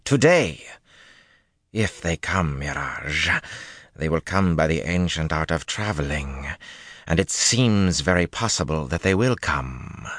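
A man's voice: rumbling low, unhurried, fairly bright tone, dry recording, full character voice. Audiobook: man doing a haughty woman commander, clipped and snappish, dry booth sound. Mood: sharp. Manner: curt, snapping, demanding. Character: imperious high-born woman commander, cold and quick to anger. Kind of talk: audiobook reading.

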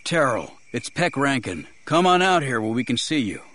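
A man's voice: mid-range voice, moderate pace, a little hiss or hum, voice pushed up. A man narrating an audiobook voices a ragged, exhausted, desperate male militia leader who snarls orders. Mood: warily calm. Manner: snarling, then warily calm.

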